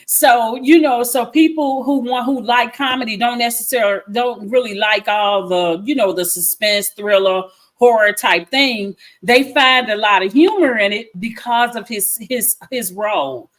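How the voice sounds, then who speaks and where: A woman's voice: a little high, measured pace, hardly any pauses, fairly bright tone. A woman, chatting effusively as a filmmaker guest and repeating herself for emphasis. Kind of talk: casual interview chat.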